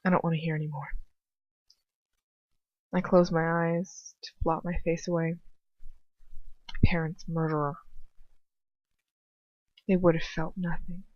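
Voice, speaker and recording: A woman's voice: lowish voice, level tone, normal speed, pauses often, a little mellow, no echo. A young woman reading first-person fan fiction with emotion, now and then breaking off for casual asides, in a dry, slightly dull home recording. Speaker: amateur audiobook reader.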